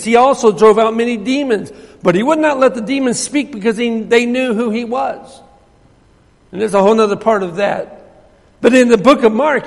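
A man preaching a sermon, repeating phrases and swinging from loud emphasis to hushed, low passages. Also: creaky. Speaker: pastor. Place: church. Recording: long hall reverb.

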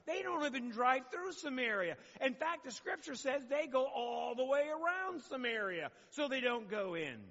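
High-voiced male pastor preaching in a hall. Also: fairly bright tone, muffled recording. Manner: conversational preaching with questions to the congregation. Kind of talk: sermon.

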